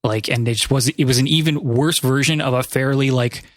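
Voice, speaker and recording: A man's voice: mid-range voice, steady tone, a little fast, no echo. Chatty man with a dry close sound. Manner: rambling, self-correcting, chatty storyteller. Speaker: podcast host. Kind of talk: casual chat.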